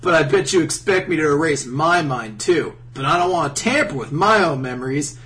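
Animated, profane man chatting, slightly distant mic. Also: fairly high pitch, fairly quick. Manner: profane, animated, mocking character voices. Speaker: podcast co-host. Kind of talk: casual chat recapping an anime.

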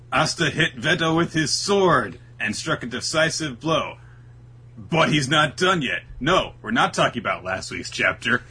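A man's voice: mid-range voice, pushed and bright, breathy edge. A man co-hosting a casual talk show, recapping a comic chapter and jumping into quoted voices of its characters. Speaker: podcast co-host recapping a manga chapter.

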